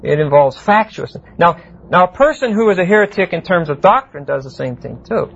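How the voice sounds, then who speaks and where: A man teaching a verse-by-verse Bible class, explaining Greek words deliberately and often asking the class "see?". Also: high voice, animated, creaky, husky. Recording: muffled lo-fi classroom tape with faint hiss.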